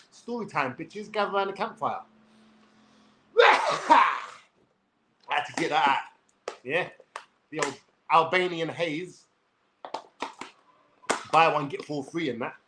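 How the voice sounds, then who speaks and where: A man's voice: high-pitched, fairly bright tone. A young man with a London accent telling a rambling, sweary story on a livestream in a brash way.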